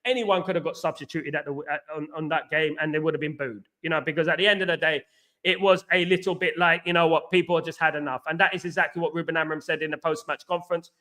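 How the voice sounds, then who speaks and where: A man's voice: fairly high pitch, fairly even intonation, fast talker, bright, forceful tone. A middle-aged man with a London accent, hosting a casual livestream chat, rambling and repeating "you know what I mean". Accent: London English. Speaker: host.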